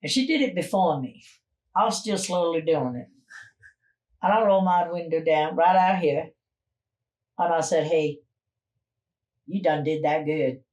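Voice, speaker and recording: A woman's voice: fairly low pitch, lively intonation, moderate pace, long pauses. Brash, profane middle-aged woman. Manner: profane, storytelling, loud laughter. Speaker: psychic guest. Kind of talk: casual podcast chat.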